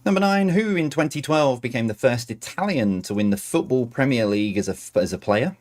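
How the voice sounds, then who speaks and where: A man's voice: medium pitch, animated, fairly quick, darkish tone. A man hosting a quiz night on a stream, reading questions aloud with chatty, self-mocking asides between them. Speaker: quiz host.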